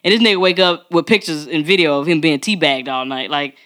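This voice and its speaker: A woman's voice: low-pitched, fairly quick, a bit bright. A woman co-hosting a podcast in casual chat, blunt and profane, laughing often and acting out what others said. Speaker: podcast co-host.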